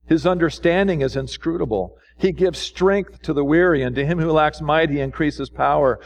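High-voiced man preaching fervently. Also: normal speed, creaky, hardly any pauses. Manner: fervent preaching with many rhetorical questions, pitch swinging up when exhorting. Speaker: pastor. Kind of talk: sermon.

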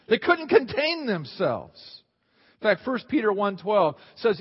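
A man preaching a sermon as a pastor, animated, swinging between quiet asides and loud exclaims. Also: sits high, moderate pace, breathy edge. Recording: dull sound with long hall reverb.

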